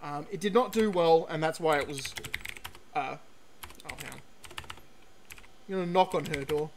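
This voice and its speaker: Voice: medium pitch, measured pace, background noise. Rambling game streamer. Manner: rambling and chatty, lots of fillers and restarts; reads on-screen game text aloud. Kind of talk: live let's-play commentary.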